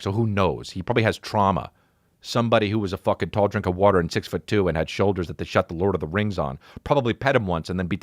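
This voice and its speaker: A man's voice: fairly low pitch, no room sound, clean studio sound. A man hosting a podcast, telling a comic story with heavy swearing and acted-out voices of the people and the dog in it. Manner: profane, animated storyteller who acts out others' voices. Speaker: podcast host. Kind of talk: comedic storytelling.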